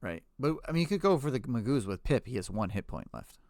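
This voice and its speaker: A man co-hosting a podcast, playing a card game in casual talk, thinking aloud, reading card text and correcting himself quickly. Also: medium pitch, sing-song, a little mellow, dry recording, studio quality. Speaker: podcast co-host.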